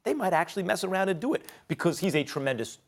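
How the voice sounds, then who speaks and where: A man's voice: sits high, big pitch swings, quick pace, vocal fry. A man debating basketball on a sports show, analytical and stammering as he works through his reasoning.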